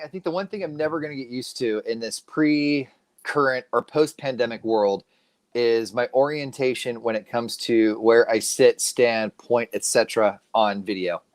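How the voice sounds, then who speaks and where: A co-host chatting on a video call from home, telling stories in a rambling, animated way with many restarts. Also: mid-range voice, a little slow, no room sound. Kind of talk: casual live-stream chat.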